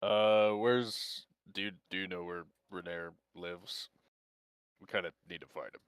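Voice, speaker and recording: A man playing in a tabletop game, joking with deadpan asides. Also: deep voice, unhurried, clear, resonant tone, dry recording, studio quality. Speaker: player. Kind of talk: tabletop role-play banter.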